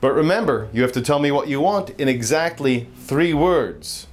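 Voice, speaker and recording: A man's voice: on the high side, sing-song, normal speed, voice pushed down. A man putting on a brassy flirty woman. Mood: brassy, bargaining. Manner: brassy, bargaining. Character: brash, flirty adult female prostitute.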